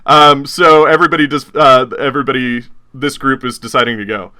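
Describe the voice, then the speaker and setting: A man narrating a tabletop horror game as game master, casual and quick to laugh. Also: mid-range voice, fairly even intonation, bright, forceful tone.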